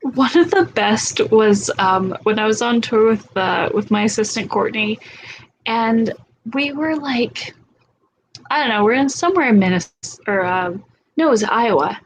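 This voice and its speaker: A woman in her thirties with a somewhat high voice hosts a relaxed chat. She tells stories bluntly and swears freely. A faint hiss sits under her voice. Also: unhurried, poor audio. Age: 30s. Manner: candid, profane storytelling. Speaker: host. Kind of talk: casual chat.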